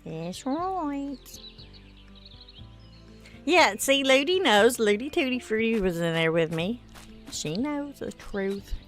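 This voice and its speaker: A woman's voice: on the high side, very animated, slow pace, pauses often, over music. Tired chatty woman streamer. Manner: chatty, reads viewer comments aloud. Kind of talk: casual gameplay stream chat.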